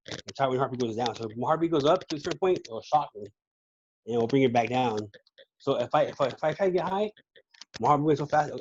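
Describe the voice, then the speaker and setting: A man telling his own story as a podcast guest in casual talk, slangy and halting, often repeating words. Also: mid-range voice, a little mellow, dull audio, a little hiss or hum. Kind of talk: casual personal testimony.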